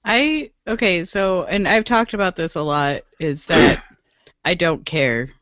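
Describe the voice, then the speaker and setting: Low-voiced woman chatting emphatically on a podcast. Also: slow, fairly bright tone, no room sound, muffled recording. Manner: emphatic, repeats herself, laughs often. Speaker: podcast co-host. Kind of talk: casual podcast chat.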